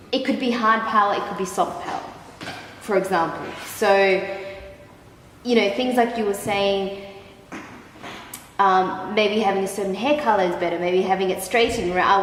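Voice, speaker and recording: A woman's voice: medium pitch, normal speed, long pauses, fairly bright tone. A woman from El Salvador explains her point earnestly in a group talk. Her voice rings out in a reverberant hall with strong echo and faint noise. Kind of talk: group discussion. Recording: echoey hall.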